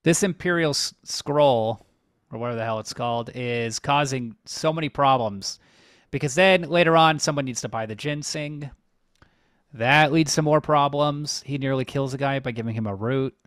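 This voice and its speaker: A man's voice: medium pitch, normal speed, fairly bright tone, smooth, no room sound, studio quality. A young man co-hosting a podcast, bluntly recapping a movie plot in casual, profane chat. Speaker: podcast co-host.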